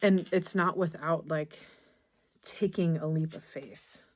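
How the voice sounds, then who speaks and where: Low-voiced gentle woman tarot reader. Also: fairly even intonation. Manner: gentle, reassuring, halting with many restarts. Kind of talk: tarot reading to camera.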